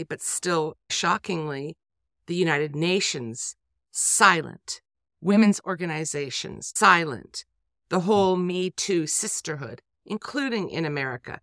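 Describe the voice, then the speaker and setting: Forceful, indignant Canadian woman. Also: low-pitched, no echo, clean studio sound. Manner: forceful, indignant, stresses single words. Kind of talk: conversational podcast chat.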